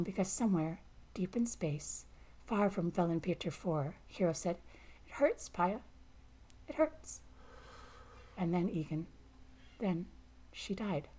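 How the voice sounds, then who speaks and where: A woman narrating a first-person science fiction story in a calm, measured way. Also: lowish voice, breathy edge.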